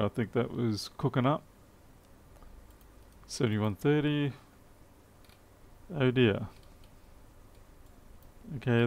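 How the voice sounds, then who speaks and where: A man with a gravelly, creaky voice thinks aloud as he works through a circuit board repair. His talk is methodical and half-muttered, like someone narrating his own hands at work. His pitch sits in an ordinary middle range. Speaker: electronics repair technician. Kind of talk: live repair stream commentary.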